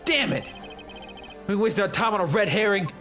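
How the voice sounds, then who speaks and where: A man voicing a brash, hot-tempered male agent in a game, forceful and threatening. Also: high voice, lively intonation, moderate pace, soft background music. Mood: fierce.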